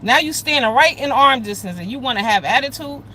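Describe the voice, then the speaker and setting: A woman ranting on a casual livestream, blunt, loud and profane, talking straight to her viewers. Her voice is bright and cutting, with faint traffic noise behind her. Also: high voice, animated, a little fast, low-quality recording. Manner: addresses chat viewers directly. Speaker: live streamer.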